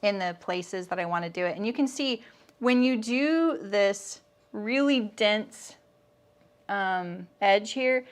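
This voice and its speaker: A woman's voice: mid-range voice, slow. A middle-aged woman teaching a live sewing demonstration, chatting and answering viewer comments as she works. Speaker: sewing instructor.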